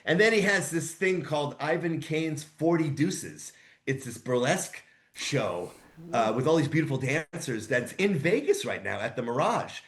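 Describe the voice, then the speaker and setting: A man in his sixties, a voice actor guest telling rambling, lively anecdotes in a casual interview. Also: fairly high pitch, moderate pace. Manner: rambling, animated anecdotes with asides.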